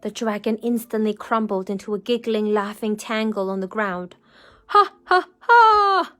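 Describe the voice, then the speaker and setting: A woman reading a picture book aloud to children as a storyteller, animated and often asking them questions. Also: mid-range voice, normal speed.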